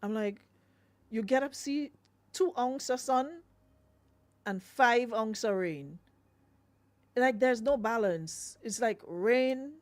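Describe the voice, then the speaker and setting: A woman's voice: on the high side, takes it slowly, long pauses, darkish tone, no echo. Grenadian lady radio host rambling on, chatty and laughing, dry studio sound. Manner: chatty, laughing, full of fillers. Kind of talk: casual radio chat.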